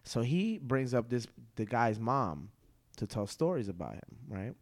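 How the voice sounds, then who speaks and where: A man, a comedian guest on a podcast, telling a story in casual slang, animated and laughing often. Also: medium pitch, unhurried.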